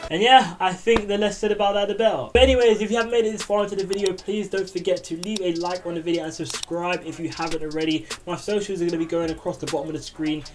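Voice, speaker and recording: A young man rattles through his commentary at speed, his voice sitting a little high for a man. He rambles and jokes at his own expense, with music playing clearly underneath him. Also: steady tone, fast talker, few pauses. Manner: chatty, rambling, self-deprecating. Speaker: commentary YouTuber host. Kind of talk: casual commentary. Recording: music bed behind the voice.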